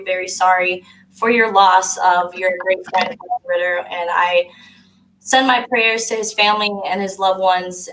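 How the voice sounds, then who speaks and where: A woman's voice: mid-range voice, a bit bright, low-quality recording. A woman co-hosting a casual sports podcast, speaking earnestly. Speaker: podcast co-host.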